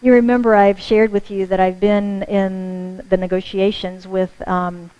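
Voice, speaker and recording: A woman's voice: medium pitch, little pitch movement, unhurried, clean tone, lo-fi sound. A woman minister with an American accent, preaching a sermon to her congregation in a friendly, conversational way. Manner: warm conversational preaching with audience asides. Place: church sanctuary.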